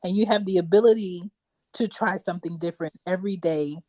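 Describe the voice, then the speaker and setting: A woman's voice: on the low side, quick pace, dark tone, dry recording. A woman hosting a casual podcast chat, talking emphatically and telling stories. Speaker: podcast host.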